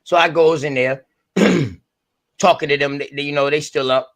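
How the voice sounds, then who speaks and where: A man with a fairly high, bright, forceful voice tells a story in loose street slang, heavy with curses. He acts out the voices of the people in his tale, coming through an online group call. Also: steady tone, moderate pace. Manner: profane, loose street talk. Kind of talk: casual storytelling.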